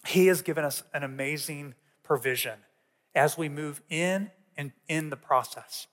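A man with a fairly high voice gives a sermon in a conversational, storytelling manner. His voice carries a long reverb from a large church auditorium. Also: a bit bright. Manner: conversational, tells personal stories. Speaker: teacher.

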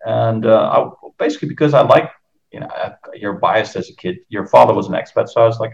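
Brisk and fairly low, with vocal fry, this man from the Netherlands designs golf courses and is in his fifties. He's interviewed for a podcast at home, his American-tinged Dutch accent wandering through fillers and false starts over muffled lo-fi sound.

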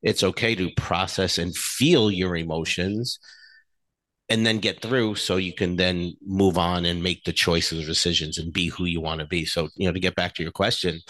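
Middle-aged male co-host, deep low voice, earnest and frank, storytelling. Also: fairly even intonation, normal speed, a bit bright. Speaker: podcast co-host. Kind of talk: casual relationship talk.

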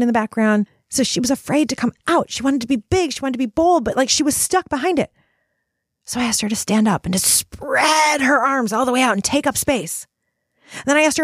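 A middle-aged woman podcast host speaking in a casual, animated motivational monologue, full of fillers and swearing. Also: a little high, no echo, studio quality. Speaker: podcast host and retreat coach. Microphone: studio microphone.

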